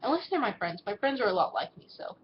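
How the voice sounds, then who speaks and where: A woman's voice: fairly high pitch, big pitch swings, quick pace, dull audio, a little hiss or hum. A seventeen-year-old girl, answering viewer questions in a casual vlog, blunt and swearing freely, acting out what people say in little put-on voices. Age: teens.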